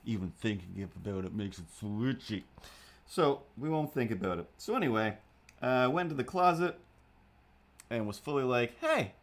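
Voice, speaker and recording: A young man talks loosely into a desk mic while he draws on a livestream. His pitch sits in the middle for a man. He meanders from topic to topic and makes fun of himself in a goofy, offhand way. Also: expressive, normal speed. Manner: meandering, self-deprecating, goofy. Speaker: livestream host. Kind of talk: rambling casual chat while drawing.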